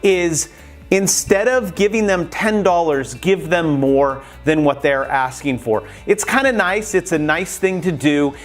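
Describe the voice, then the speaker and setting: Man, high voice, casual vlogger, lively tips, light music underneath. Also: unhurried. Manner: chatty and animated, acts out quoted exchanges. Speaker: YouTube creator. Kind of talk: casual how-to vlog.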